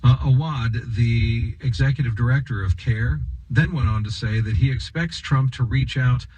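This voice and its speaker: A man delivers a political opinion monologue in a husky voice at an ordinary middle pitch. He is sarcastic and emphatic, stacking rhetorical questions and repeated lines. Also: moderate pace, a little mellow, poor audio. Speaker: political commentator.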